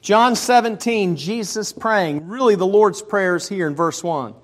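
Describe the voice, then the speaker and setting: Man preaching, high voice, casual storytelling, slow loud scripture reading. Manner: conversational preaching with personal stories and scripture reading; reads scripture louder and slower. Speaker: pastor. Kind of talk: sermon. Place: church sanctuary.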